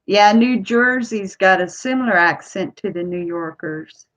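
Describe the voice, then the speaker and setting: A woman's voice: mid-range voice, unhurried, a bit bright. A woman from Ohio with a Kentucky accent, chatting to camera in a rambling way as a vlogger. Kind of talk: casual chat to camera.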